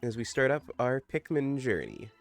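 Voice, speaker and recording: A man's voice: medium pitch, very animated, normal speed, faint music behind. A man hosting a casual live game stream, upbeat and playful, chatting with his co-host and his viewers. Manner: upbeat, playful, reads game text aloud. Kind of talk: casual live-stream chat while gaming.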